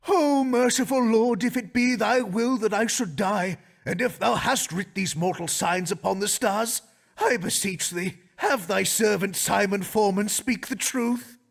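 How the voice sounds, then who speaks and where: A raspy, dying Elizabethan gentleman. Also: high-pitched, a little slow, heavily acted. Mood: dismayed. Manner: earnest archaic prayerful speech. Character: gravely ill pious Elizabethan gentleman.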